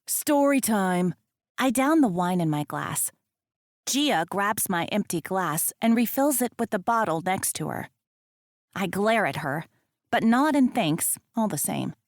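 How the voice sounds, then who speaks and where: A woman narrates a romance audiobook in the first person, wry and expressive, landing the comic lines with dry humor. Her voice sits at an ordinary middle pitch. The recording is close and completely dry, with no room sound. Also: unhurried, no echo.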